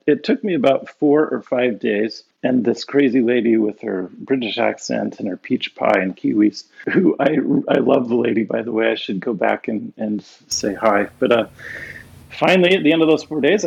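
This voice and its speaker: A middle-aged man spins a personal story in a casual interview, laughing between lines and tripping over his own restarts. His voice is gravelly with a husky edge. The audio sounds dull and lo-fi. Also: medium pitch. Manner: animated anecdotes with frequent laughs and restarts. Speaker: guest, professor and author. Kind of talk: conversational storytelling.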